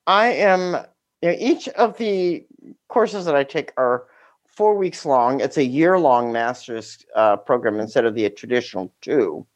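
A middle-aged woman telling a story about her teaching days, with a deliberate, dramatic delivery and wry humor. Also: extremely low pitch, expressive, dry recording.

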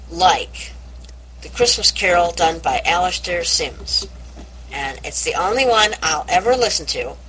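A woman in a casual group discussion about audiobook narrators, talking emphatically with halting restarts. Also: fairly low pitch, bright, forceful tone, a little hiss or hum, low-quality recording.

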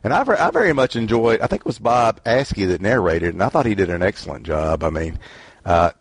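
A man with a very low, husky voice talking about a book in a group chat. He stumbles and repeats words, tacking "and stuff" onto his thoughts. The sound is dry and close. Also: animated, fairly quick, dry recording. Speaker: book club member. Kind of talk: casual book discussion.

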